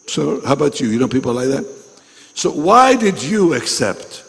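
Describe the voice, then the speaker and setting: A man's voice: medium pitch, sing-song, moderate pace, vocal fry, a bit bright, slightly rough. A man preaching a sermon at a pastors' meeting. He is emphatic, repeats his phrases and questions the audience directly. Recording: long reverb in a large hall.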